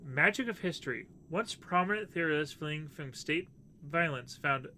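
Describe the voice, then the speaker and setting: A man's voice: on the high side, sharp tone, slight background noise. A man streaming a video game, chatting casually with viewers and reading the game's text aloud. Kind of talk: casual let's-play commentary. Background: game music.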